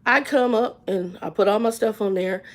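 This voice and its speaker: A woman in her fifties telling a story on a live stream in a folksy, plain-spoken way, swinging from loud outbursts to hushed asides. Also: medium pitch, normal speed. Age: 50s.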